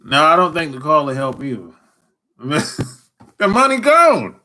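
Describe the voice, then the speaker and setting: A man's voice: on the high side, big pitch swings, unhurried, pushed and bright. A man hosting a casual livestream, teasing callers in loose slang and laughing often. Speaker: livestream host talking with callers. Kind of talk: casual chat.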